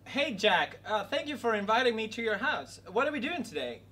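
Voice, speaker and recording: Lively, goofy young-sounding man. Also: high-pitched, a little fast, husky, far from the mic. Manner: silly, loud outbursts and laughing. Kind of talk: goofy game commentary.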